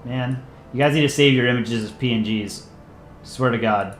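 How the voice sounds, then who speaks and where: Soft background music plays as a man with a medium-pitched voice speaks at normal speed. He's the channel's voice actor and livestream host, rambling casually through viewer messages with self-deprecating humor. The recording carries a roomy echo and faint ambience.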